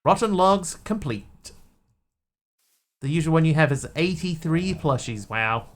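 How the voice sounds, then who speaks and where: A man's voice: fairly high pitch, animated, unhurried. A man streaming a game, rambling and talking to himself as he plays. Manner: rambling, talks to himself while playing. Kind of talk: casual gameplay commentary.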